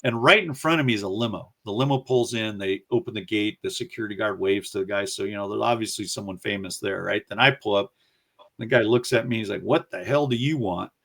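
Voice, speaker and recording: A man with a low, gravelly voice tells a long story in a relaxed interview. He talks with energy and often slips into the voices of the people he is quoting. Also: fast. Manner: animated storyteller who acts out quoted voices. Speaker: guest recounting his career.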